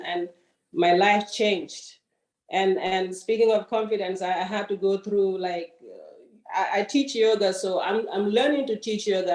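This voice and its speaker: A woman's voice: medium pitch, darkish tone, roomy sound, rough recording. A woman from Gambia speaks gratefully and a little hesitantly, often restarting her sentences as she shares her story. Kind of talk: personal story in a group session.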